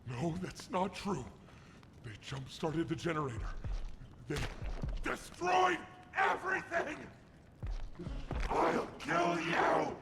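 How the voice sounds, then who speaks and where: A man voicing a tormented, volatile monstrous male toy creature in a video game, with a gravelly, slow drawl that swings between remorse and rage. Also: sits high, very animated, background noise, full character voice. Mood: raging. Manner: swings from sobbing apology to screaming rage. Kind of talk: video game character dialogue.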